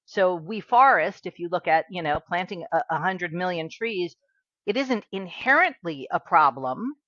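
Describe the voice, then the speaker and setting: A woman's voice: fairly low pitch, lively intonation, normal speed, a bit bright, dry recording, dull audio. A woman hosting an interview, speaking in an eager, affirming and reflective way. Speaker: podcast host. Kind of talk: conversational interview.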